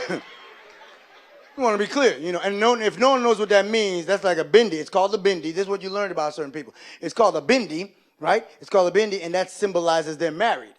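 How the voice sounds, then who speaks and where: A man doing live stand-up comedy, telling animated stories and slipping into loud character voices. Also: high-pitched.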